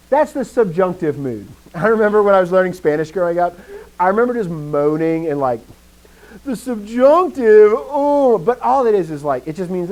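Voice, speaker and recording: A man's voice: fairly high pitch, poor audio. A man teaching a live grammar lesson, asking the class questions and restarting his sentences as he thinks. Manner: lively, asks questions and answers himself.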